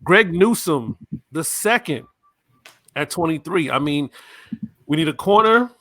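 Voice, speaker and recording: A man putting on a brash male pro-wrestler promo persona, growling hype lines and shouting "brother" on a podcast live stream. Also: fairly high pitch, lively intonation, measured pace, no echo, full character voice. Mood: hyped. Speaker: podcast co-host.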